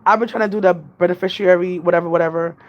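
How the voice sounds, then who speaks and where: On a lo-fi livestream, a young woman vlogger with a New York accent chats and rambles at a quick clip, laughing often. She comes from a Jamaican family, and her fairly low voice keeps a fairly even intonation.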